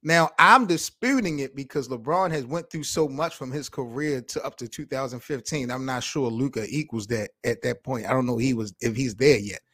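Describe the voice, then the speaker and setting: A man hosting a sports talk show, reacting with excitable, incredulous outbursts and casual slang. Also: medium pitch, normal speed, few pauses, no echo, studio quality. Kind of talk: animated sports talk commentary.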